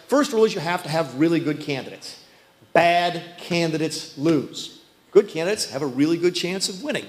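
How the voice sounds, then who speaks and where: A man's voice: fairly high pitch, poor audio. A man giving a folksy, self-deprecating rally speech full of anecdotes, recorded in a large venue. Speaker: political speaker.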